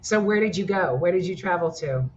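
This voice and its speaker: A woman's voice: fairly low pitch, animated, brisk, darkish tone, lo-fi sound, a little hiss or hum. A woman interviewing a guest, giving short encouraging replies and laughing along. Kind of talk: conversational interview.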